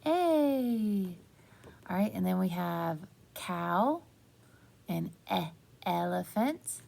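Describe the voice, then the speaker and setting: A woman teaching young children a phonics lesson, slow and encouraging, stretching out words. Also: on the low side, gravelly, a little mellow.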